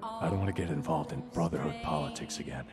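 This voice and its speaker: A man's voice: rumbling low, quick pace, a little mellow, soft background music. An actor playing a terse, stern exiled male soldier who wants no part in politics. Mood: curt. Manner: terse, cold.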